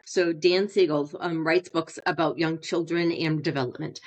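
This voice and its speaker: Brief: woman therapist, middle-aged, lowish voice, measured teaching manner. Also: steady tone. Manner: slows down deliberately, demonstrates tone changes. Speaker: marriage and family therapist guest. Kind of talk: explanatory interview talk.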